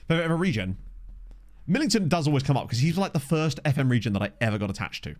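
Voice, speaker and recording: A man streaming a football management game, chatting casually with his viewers and reacting excitedly to the match. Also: medium pitch, racing, no room sound, studio quality. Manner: chatty, reads chat aloud, excitable reactions to match play. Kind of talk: casual live-stream chat with commentary. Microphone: desk microphone.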